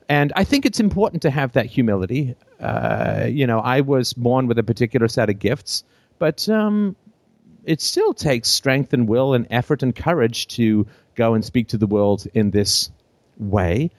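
A British-accented man hosting a call-in show, talking off the cuff in an animated way, laughing often between phrases, with a theater-trained voice. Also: mid-range voice, normal speed, no echo. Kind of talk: unscripted call-in show monologue.

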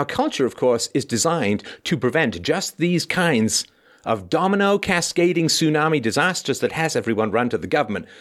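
A male host delivering a livestream monologue, sarcastic and theatrical. His pitch is fairly high and swings widely, leaning hard on key words. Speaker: host and philosopher.

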